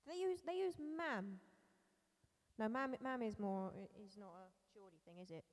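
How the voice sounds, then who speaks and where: A woman's voice: a little high, lively intonation, moderate pace, in a large hall. A woman hosting a songwriting live stream, thinking aloud in a tentative way and asking herself questions. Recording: acoustic guitar played under her speech.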